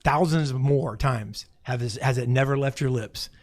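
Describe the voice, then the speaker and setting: A man hosting a faith talk show, telling stories in a lively way with many restarts. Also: medium pitch, normal speed. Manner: animated storytelling with many restarts. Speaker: host.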